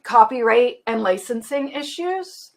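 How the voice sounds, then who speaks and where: Chatty Canadian woman with a gravelly edge. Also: on the high side, animated, unhurried. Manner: chatty, laughs often, lots of fillers. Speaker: webinar presenter. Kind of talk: casual presentation.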